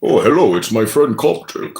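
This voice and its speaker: A man's voice: mid-range voice, sing-song, normal speed, vocal fry, heavy background noise. A man hosting a casual livestream, teasing and theatrical. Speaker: livestream host.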